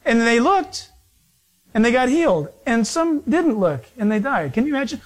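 A man preaching an informal sermon, rambling and joking, laughing often and acting out the people in his stories. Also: normal speed. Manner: rambling, jokey, laughs often, acts out characters; animated, jumps in pitch when quoting.

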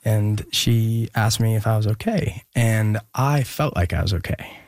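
A young man, a guest in an interview, telling a personal story in an earnest, reflective, halting way. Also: lowish voice, animated, darkish tone, dry recording, clean studio sound.

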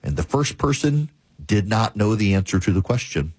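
A male talk show host telling a story and giving commentary in a measured, repetitive cadence. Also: fairly low pitch, expressive, a little mellow, no room sound.

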